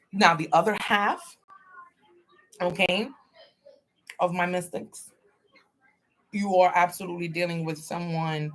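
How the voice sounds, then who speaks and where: A woman's voice: on the low side, fairly bright tone. A woman giving a livestream tarot reading, talking bluntly and streetwise, with plenty of swearing and preachy advice. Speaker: tarot reader.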